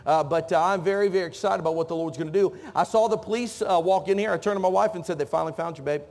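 A high-voiced man preaches from a church stage, joking with the youth and calling out to the crowd. His voice carries through a large hall with a long, ringing reverb. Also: steady tone, fast talker, darkish tone. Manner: joking, calls out to the congregation. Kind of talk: sermon. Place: church sanctuary.

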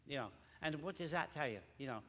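An older man, a grandfather, preaching a rambling church testimony with halting, repeated words. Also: on the high side, fairly bright tone, in a large hall. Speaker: lay preacher.

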